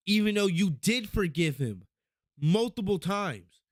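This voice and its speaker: Excitable, profane podcast host, higher voice. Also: male voice, unhurried, dry recording, clean studio sound. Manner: excitable, profane, rambling recap with frequent restarts. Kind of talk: casual wrestling review podcast.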